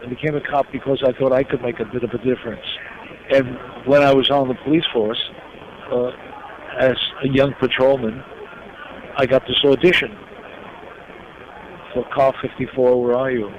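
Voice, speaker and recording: An older man from New York, a guest in an interview, telling his life story slowly and with emotion. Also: medium pitch, flat delivery. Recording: dull lo-fi recording with noise.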